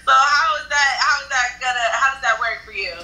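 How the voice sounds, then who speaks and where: Girl in her 20s on a video call, really bright sharp voice, skeptical and laughing, room kinda echoey. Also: high voice, a little hiss or hum. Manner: laughing, skeptical, quick comebacks. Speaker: stranger on video chat. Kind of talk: casual chat.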